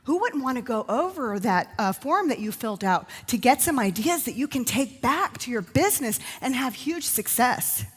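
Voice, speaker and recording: A woman's voice: fairly high pitch, big pitch swings, moderate pace, few pauses, breathy edge. Bubbly woman emceeing in a big hall. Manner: bubbly, effusive, talks to the crowd. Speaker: event emcee. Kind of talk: live event hosting. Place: large conference hall. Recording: long hall reverb.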